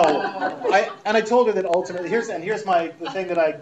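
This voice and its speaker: On poor audio, a man with a high-sitting voice talks a little fast as he hosts a radio show. Breaking into laughter now and then, he mocks press releases with sarcasm while reading them, emails included, to a live crowd in comedic fashion.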